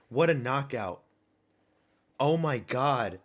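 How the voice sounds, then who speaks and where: A man reacting live to a fight at a watch party, excitable and profane, erupting into shouts. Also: mid-range voice, normal speed.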